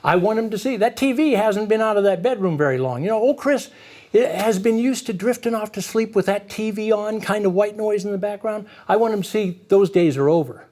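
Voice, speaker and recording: A middle-aged man with a notably high-pitched voice leads a lighthearted talk for parents. He acts out little family scenes and laughs at his own jokes as he goes. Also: fairly quick, darkish tone. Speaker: parenting and reading presenter. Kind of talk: humorous workshop talk to parents.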